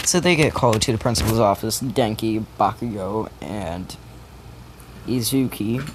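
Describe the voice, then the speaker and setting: A man's voice: fairly low pitch, a little slow, background noise. A man casually retelling a story, rambling with many restarts and casual swearing.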